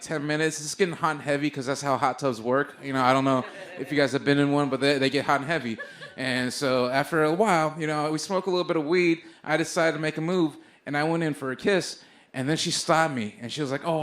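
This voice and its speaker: A young male comedian from the Bay Area works a live crowd, his voice sitting high and light for a man. He tells his story in an animated rush, swearing freely and breaking into loud outbursts, close on a handheld stage mic. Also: quick pace. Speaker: stand-up comedian. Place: stage before a live audience.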